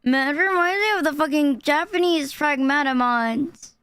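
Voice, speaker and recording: A woman streamer chatting casually while reacting to clips, blunt and quick to swear. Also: sits high, fairly bright tone, dry recording.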